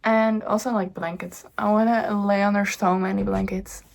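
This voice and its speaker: A young woman talks into her camera at home, rambling cheerfully and drifting off topic. Her voice sits at an ordinary middle pitch, easy and conversational. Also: flat delivery, moderate pace, vocal fry. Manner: chatty, easily sidetracked, bubbly. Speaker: author and vlogger. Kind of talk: casual rambling chat. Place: home indoors.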